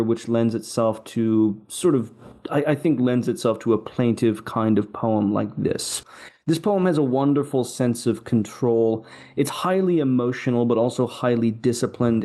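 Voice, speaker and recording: A man hosting a poetry show, giving an unscripted, thoughtful spoken lecture about a poem, pausing often with ums and uhs. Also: mid-range voice, mellow. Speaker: poetry podcast host.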